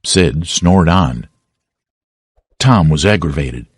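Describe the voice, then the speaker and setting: A man narrating a classic novel as an audiobook with expressive storytelling. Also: extremely low pitch, slow pace, breathy edge, dry recording, clean studio sound. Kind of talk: scripted narration.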